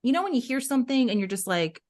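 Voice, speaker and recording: A woman's voice: high-pitched, sing-song, fast talker, darkish tone. A young adult woman co-hosting a podcast, chatting casually and telling stories expressively, full of "like" and "right?". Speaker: podcast co-host.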